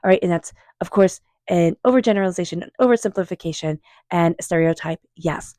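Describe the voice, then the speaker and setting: A woman doing a tarot reading, speaking in a calm, unhurried, affirming way and softly repeating invocations. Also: fairly low pitch, dry recording, clean studio sound. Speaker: tarot reader. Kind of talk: tarot card reading monologue.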